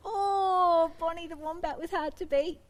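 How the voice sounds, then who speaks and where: A woman co-presenting a children's storytime show, gushing and warm, laughing often. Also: very high voice, fairly even intonation, a little slow, rough recording.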